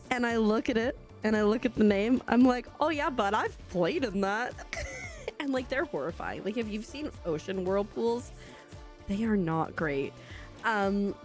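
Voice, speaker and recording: A woman's voice: mid-range voice, a little mellow. A young woman from Canada, a streamer telling stories in a rambling, casual chat full of fillers and little laughs. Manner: chatty, rambling, quick laughs and lots of fillers. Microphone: studio desk mic.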